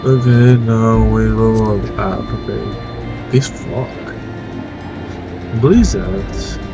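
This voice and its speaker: A man's voice: fairly low pitch, steady tone, extremely slow, creaky, music in the background, poor audio. Stuffy-nosed man commenting on a game. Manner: mutters reactions to the game. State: stuffy-nosed and out of breath from a flu. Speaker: let's play host. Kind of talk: casual gameplay commentary.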